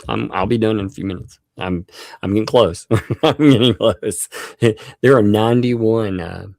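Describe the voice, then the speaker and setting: A man's voice: lowish voice, a little slow, gravelly, darkish tone, dry recording, studio quality. A man hosting a casual live stream, rambling and chuckling as he thanks each new member in turn. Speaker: livestream host.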